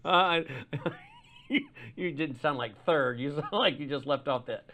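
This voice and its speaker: Male talk host, slightly high voice, keeps asking "true?". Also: animated, unhurried, sharp tone. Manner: leading, asks for agreement. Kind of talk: radio talk show discussion.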